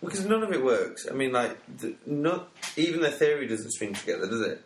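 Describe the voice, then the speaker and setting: A man's voice: medium pitch, very animated, a little fast. A man, joking through comic scenarios in casual banter. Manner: jokey, spins comic scenarios. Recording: echoey room with faint noise.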